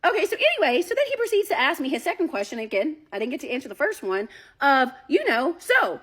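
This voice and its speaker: A woman telling a story in a casual, animated way, talking straight to her listeners and swearing freely. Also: high-pitched, fast talker. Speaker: storyteller recounting a date.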